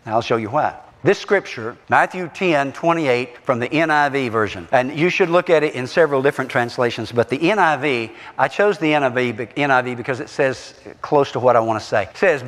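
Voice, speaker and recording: A man's voice: mid-range voice, expressive, moderate pace, a bit bright. A man preaching a sermon and leading his congregation in call-and-response, with emphatic, rising delivery. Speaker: pastor. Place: church sanctuary. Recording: long reverb of a church hall.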